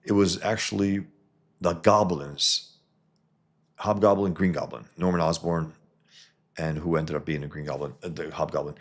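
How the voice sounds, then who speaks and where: Very deep husky man chatting about comics. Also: steady tone, normal speed, pauses often. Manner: rambling, digressive, many fillers and restarts. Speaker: comic book reviewer and live stream host. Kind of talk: casual live-stream commentary and comic reading.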